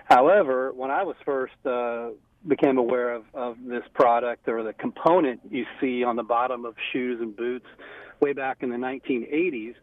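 A man calls in as a radio guest and talks in an easygoing way, with lots of pauses and fillers. His voice comes through a thin, tinny phone line. He sounds a little distant from the mic. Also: mid-range voice, fairly even intonation, no echo. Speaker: guest, footwear industry rep.

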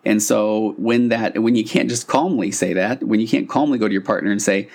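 A man's voice: on the low side, fairly quick, hardly any pauses, darkish tone. A man hosting a podcast as a couples therapist, reading quotes aloud and explaining them in a reflective, conversational way with frequent asides. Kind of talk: casual solo podcast talk.

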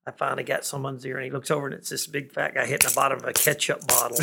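A man's voice: mid-range voice, flat delivery, rapid-fire, vocal fry, few pauses. A man, a musician guest in a studio, telling rambling stories and laughing often. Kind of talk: storytelling in a relaxed conversation. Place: recording studio.

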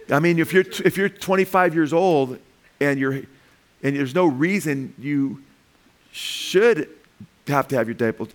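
A man preaching a lively sermon with touches of humor, often asking the congregation "Amen?". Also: a little high. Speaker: pastor.

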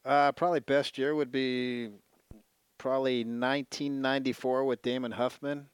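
A man's voice: mid-range voice, little pitch movement, moderate pace, smooth, dry recording. A man who works as a race mechanic, talking as a guest in a hesitant, modest way with many fillers. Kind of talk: casual chat.

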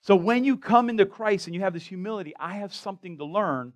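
A man with a fairly high voice preaches a sermon in a church. His delivery is casual and chatty, full of stammered restarts and asides to the congregation. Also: expressive, quick pace. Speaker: pastor. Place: church sanctuary.

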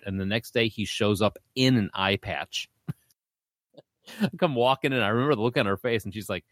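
A man with a lowish voice telling a story in a casual podcast chat. He jumps up high to act out quoted people, and the recording is close and dry. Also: expressive, normal speed, a bit bright, no room sound. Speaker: podcast co-host.

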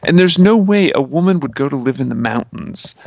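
Gravelly man telling a story. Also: mid-range voice, fairly quick, no echo, dull audio. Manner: animated storyteller, many fillers. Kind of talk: casual chat.

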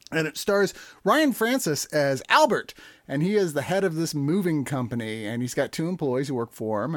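A man hosting a casual movie review podcast, rambling and animated, swearing freely. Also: mid-range voice, no room sound, clean studio sound. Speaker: podcast host.

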